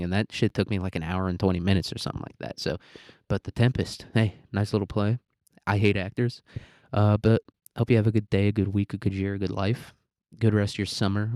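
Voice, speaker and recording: A young American man with a fairly low voice rants on his solo podcast, full of profanity and loose fillers. The sound is close and dry, with no room around it. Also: darkish tone, no echo. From United States. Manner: profane, ranting, rambling with frequent fillers. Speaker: podcast host.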